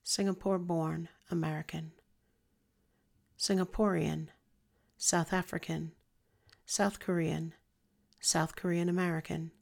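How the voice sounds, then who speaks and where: A woman reading an informational text in a scripted, even, list-like way. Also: fairly low pitch, unhurried, gravelly, pauses often.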